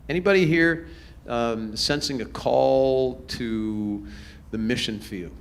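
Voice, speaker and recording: A man, a pastor, answering audience questions in a relaxed, storytelling way, chuckling as he goes. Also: medium pitch, slow pace, gravelly, a little hiss or hum. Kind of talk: casual Q&A talk to a youth group. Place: church event hall with a live audience.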